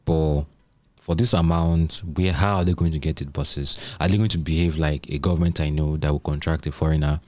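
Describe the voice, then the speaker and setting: A man's voice: very deep voice, steady tone, a little fast, few pauses, no echo. A man hosting a tech podcast, asking questions in a casual, playful conversational way. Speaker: podcast host.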